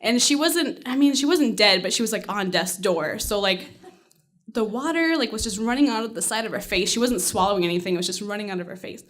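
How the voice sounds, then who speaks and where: A woman's voice: medium pitch, animated, brisk, a bit bright. A woman telling a personal story on stage at a live storytelling night, casual and salty, often laughing as she goes.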